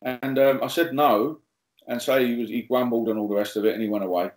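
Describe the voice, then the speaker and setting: A man's voice: mid-range voice, brisk, reverberant, low-quality recording. A male pastor, telling humorous stories as a podcast guest and acting out the dialogue. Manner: lively, jokey, acts out quoted dialogue. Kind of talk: humorous storytelling.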